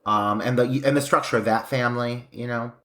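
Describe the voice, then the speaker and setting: A man's voice: mid-range voice, fairly quick. A man co-hosting a podcast, enthusiastically describing movie scenes. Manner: animated, gushing with laughter. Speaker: podcast co-host. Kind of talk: casual film discussion.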